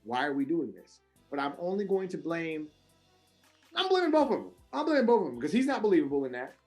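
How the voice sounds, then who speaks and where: Talking at a quick pace over faint background music, a wrestling podcast co-host rants with profane, animated energy. His delivery moves from loud, high outbursts down to low mutters.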